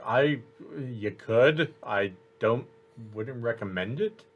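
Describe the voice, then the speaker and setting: A man voicing a brisk, motherly old woman who runs an inn and calls people love. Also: mid-range voice, highs cut off. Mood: fussy.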